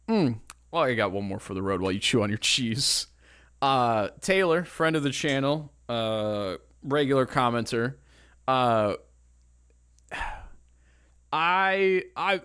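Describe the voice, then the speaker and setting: Podcast guy in casual chat, animated storyteller, mid-pitch voice, acts out other people's lines. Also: clean tone. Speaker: podcast co-host.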